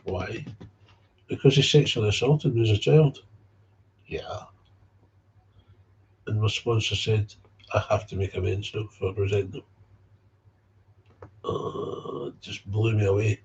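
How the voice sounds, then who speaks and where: A man's voice: fairly low pitch, steady tone, a little slow, pauses often. A man with a Scottish accent giving a blunt, heated personal talk about recovery, swearing freely. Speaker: speaker on recovery. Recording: dull lo-fi recording.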